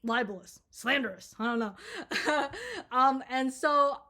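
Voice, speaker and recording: A young woman from Minnesota rants through a storytime to her camera, her voice sitting a little high. She rambles, swears freely and leans on filler words as she talks things through at home. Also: normal speed, pushed and bright. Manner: rambling, profane, filler-heavy with lots of "like". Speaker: storytime vlogger. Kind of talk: casual storytime rant.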